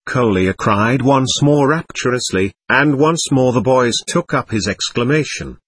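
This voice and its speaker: A man narrating a novel in a measured, expressive reading. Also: mid-range voice, slightly rough. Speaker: audiobook narrator.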